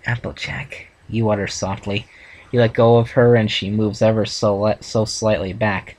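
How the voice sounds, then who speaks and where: A man reading a second-person fan story aloud for a reaction video, steady with small restarts. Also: lowish voice, moderate pace, poor audio. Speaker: fan fiction reader.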